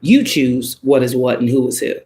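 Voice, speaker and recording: A man's voice: medium pitch, normal speed, darkish tone, roomy sound, slight background noise. A man giving a casual tarot reading, emphatic and profane, often laughing as he talks. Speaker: tarot reader.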